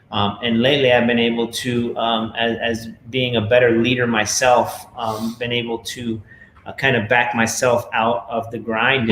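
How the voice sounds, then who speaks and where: A man's voice: mid-range voice, fairly bright tone, echoey room, slight background noise, poor audio. A man casually talking to viewers at home, rambling with many fillers and a preachy tone. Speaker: network marketing leader. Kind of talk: casual video talk to viewers.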